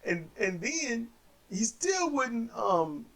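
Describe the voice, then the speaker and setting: A man casually recapping wrestling matches as a co-host, telling it in an animated way and acting out the wrestlers. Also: slow, gravelly. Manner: animated storyteller, acts out wrestlers in high voices.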